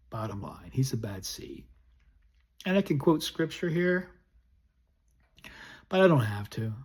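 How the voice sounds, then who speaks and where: Husky, indignant man giving a spoken essay. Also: fairly high pitch, mellow. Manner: indignant, blunt and scornful. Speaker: political commentator.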